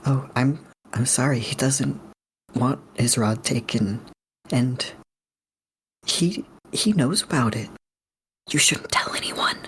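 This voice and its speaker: A player voicing a nervous, secretive young man in a halting whisper. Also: medium pitch, slight background noise. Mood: anxious. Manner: hushed, halting. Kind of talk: whispered role-play.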